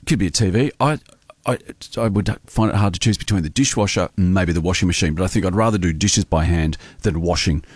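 A man's voice: low-pitched, fast, slightly rough, no echo. A man hosting a radio show in a studio, chatting in an upbeat way. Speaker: radio host. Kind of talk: breakfast radio chat. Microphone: studio mic.

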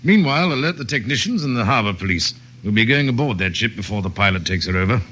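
An actor playing a brisk, shrewd male police inspector giving crisp orders in an old radio drama. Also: fairly low pitch, expressive, loud music behind the voice, lightly acted. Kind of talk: 1950s radio drama acting.

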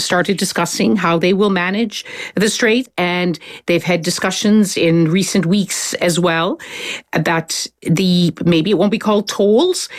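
A woman explaining world news in a measured, conversational way on a studio podcast, with occasional restarts. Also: on the low side, no room sound. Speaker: foreign affairs analyst. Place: London studio.

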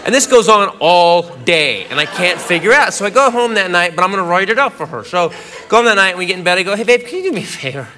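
A man doing a stand-up comedy routine on a club stage, telling a story animatedly and breaking into acted-out shouts. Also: high voice, quick pace. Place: comedy club stage before a laughing crowd. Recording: loud crowd laughter and noise.

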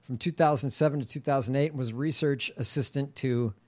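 Co-host reading facts with halting ums. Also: mid-range voice, fairly even intonation, a little mellow. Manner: hesitant, many ums while reading. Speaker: podcast co-host. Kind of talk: casual chat, reading facts aloud.

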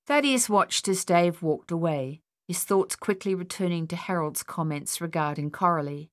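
A woman narrating an audiobook in a steady storytelling manner. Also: lowish voice, normal speed, hardly any pauses, no echo, studio quality.

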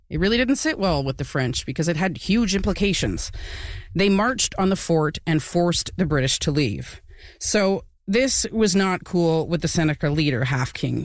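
A woman's voice: deep voice, no echo, clean studio sound. A woman co-hosting a casual history podcast, explaining events with a few fillers. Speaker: podcast co-host.

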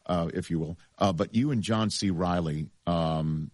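Casting: husky, low male host, dry close mic, loose conversational questioning. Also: measured pace, darkish tone, no echo. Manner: chatty, leading questions with fillers. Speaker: interviewer host. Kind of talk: casual interview.

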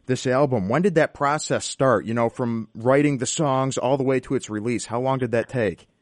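A man's voice: medium pitch, normal speed, dry recording, studio quality. A man hosting an interview show, introducing and questioning his guest with eager admiration. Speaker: radio show host.

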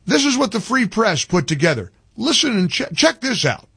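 Male radio host, heated opinion monologue; husky, dry studio sound. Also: big pitch swings, normal speed, fairly bright tone, no room sound. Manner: heated, emphatic, rising pitch on key words. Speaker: radio talk show host. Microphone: studio mic.

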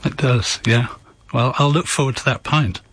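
Man, author guest, mid pitch, husky, measured storytelling, dry. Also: fairly even intonation, a bit bright, no echo. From England. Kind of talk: radio interview answers.

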